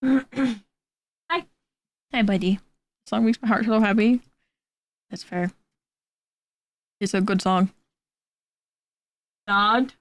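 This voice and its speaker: A young art streamer drawing at home speaks in a mid-range voice, taking it slowly and pausing often, on a dry recording. She chats casually and rambles, teasing herself and talking to her cat along the way.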